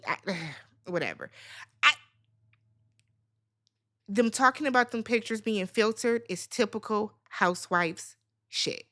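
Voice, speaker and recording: Sassy, bright-voiced woman ranting. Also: mid-range voice. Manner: sassy, blunt and profane, swinging into loud squeals. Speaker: recap channel host. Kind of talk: casual reality TV recap rant.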